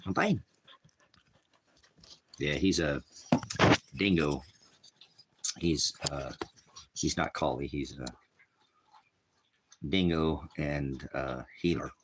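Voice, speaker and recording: A man's voice: extremely low pitch, takes it slowly, pauses often, background noise. A man with a cough rambling in casual livestream chat from a small cabin, often talking sweetly to his dog. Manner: rambling, talks baby-talk to his dog. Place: small hot cabin, off-grid farm.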